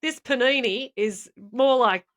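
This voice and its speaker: A woman's voice: sits high, measured pace. Chatty, laughing woman podcast host. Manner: chatty, rambling storyteller who laughs often. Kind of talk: casual podcast chat.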